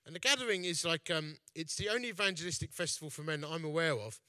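A man from East London preaches a storytelling sermon in a high, fast, pushed and bright voice, recorded dry. He's an evangelist speaker and festival founder whose style is chatty, jokey, and self-mocking.

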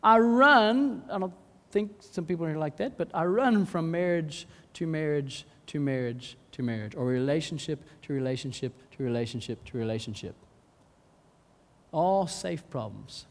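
Man, pastor, sermon, high lively voice, dramatic, acts out pleas, long hall reverb. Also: normal speed. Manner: dramatic, acts out pleading voices, swings from hushed to loud.

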